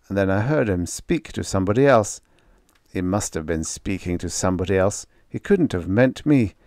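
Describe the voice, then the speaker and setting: A man narrating a first-person story in a hard-boiled, expressive reading on a close mic. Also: low-pitched, moderate pace, no echo. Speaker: audiobook narrator.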